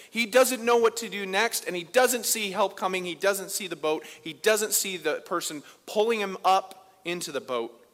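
A man preaching a sermon as pastor, conversational, moving between loud emphasis and quiet asides. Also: high voice. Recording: long reverb of a large hall.

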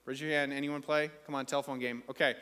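Pastor preaching with emphatic repetition. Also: male voice, medium pitch, flat delivery, fast talker, a bit bright, clear, resonant tone. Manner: emphatic, repetitive preaching with rising, punchy phrases. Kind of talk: sermon. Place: church hall. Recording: long hall reverb.

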